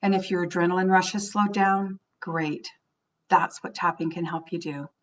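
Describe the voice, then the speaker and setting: A middle-aged woman leading a guided tapping sequence. She names the tapping points low and soft, then says the panic phrases higher and louder. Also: steady tone, normal speed, far from the mic. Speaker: tapping coach.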